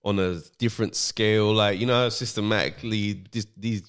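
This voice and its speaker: A man's voice: fairly low pitch, steady tone, brisk, a bit bright, smooth. A man, a comedian and podcast host, chatting casually and pressing with questions. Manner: questioning, slangy.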